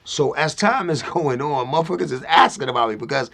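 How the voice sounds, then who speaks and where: A man's voice: on the high side, a little fast, gravelly, a bit bright. A middle-aged man telling a profane story in casual talk, acting out other people's lines. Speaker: interview guest.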